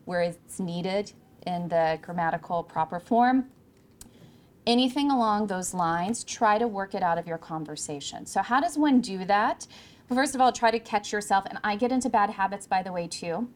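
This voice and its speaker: Woman coaching a live audience. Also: medium pitch. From California. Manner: emphatic, clear presenter with varied pacing. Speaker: communication coach. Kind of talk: workshop talk to interns.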